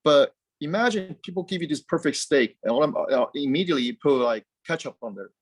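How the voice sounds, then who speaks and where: Animated man, dry close sound. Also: a little high, a little fast, slightly rough, dry recording. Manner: animated, rambling with frequent restarts and repeated words. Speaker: guest, car company founder. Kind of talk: casual interview chat.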